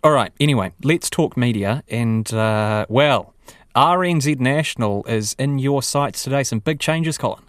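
A man's voice: mid-range voice, a little slow, no echo. Bantering male radio host. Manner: bantering, dry teasing. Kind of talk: casual radio chat. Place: radio studio.

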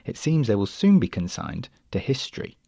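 A male reporter narrating a scripted report with crisp, even delivery. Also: on the low side, normal speed, no room sound, studio quality.

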